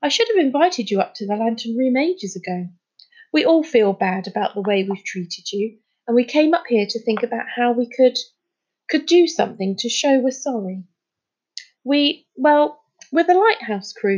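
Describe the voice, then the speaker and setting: A woman voicing a young girl who leads a group of children and speaks with halting apology, on a dull lo-fi recording. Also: fairly high pitch, lively intonation, darkish tone, husky. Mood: apologetic. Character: girl, leader of a children's crew, earnest.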